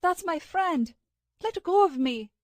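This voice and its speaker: A desperate young woman, as a woman narrator puts her on begs and pleads in a voice pitched high and strained with tears. The sound is dry and close, with no room around it. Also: lively intonation, slow, a little mellow, no echo. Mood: frantic. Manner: urgent, pleading, high and tearful. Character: distraught young woman pleading over friend.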